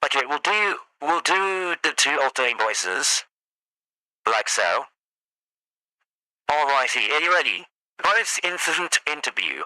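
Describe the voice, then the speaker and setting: Bright, dry-voiced man streaming. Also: fairly high pitch, very animated, unhurried, long pauses, dry recording, low-quality recording. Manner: casual, reads documents aloud. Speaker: streamer host. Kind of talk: live stream reading and chat.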